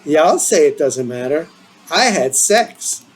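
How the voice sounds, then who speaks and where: A man voicing a boastful, defensive teenage boy, in a low, muttered manner. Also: sing-song, unhurried, slight background noise, poor audio.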